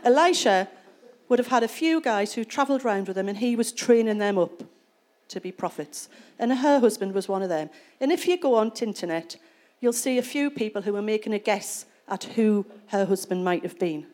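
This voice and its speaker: A woman's voice: medium pitch, a little fast, a little mellow. A woman preaching a sermon in church, retelling a scripture passage and explaining it in a conversational way. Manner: conversational storytelling, reads scripture then explains it.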